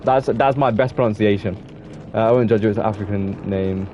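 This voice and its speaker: A man's voice: lowish voice, fairly quick, dark tone, muffled recording, slight background noise. A young man with an English accent chatting casually with his viewers while streaming a game, rambling on and restarting his sentences. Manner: rambling, self-admitted waffling with many restarts. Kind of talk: casual gaming stream chat.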